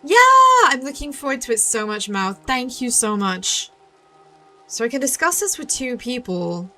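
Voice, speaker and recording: Young female streamer, bright upper voice, casual running commentary over faint music. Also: on the high side, animated, normal speed. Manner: chatty, self-deprecating, reads game text aloud. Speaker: VTuber game streamer.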